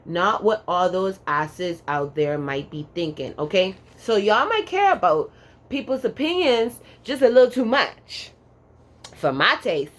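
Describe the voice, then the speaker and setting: A woman's voice: medium pitch, very animated, measured pace. A woman giving a casual pick-a-card tarot reading in a sassy, profane, emphatic way, drawling words for emphasis and tagging lines with "okay?".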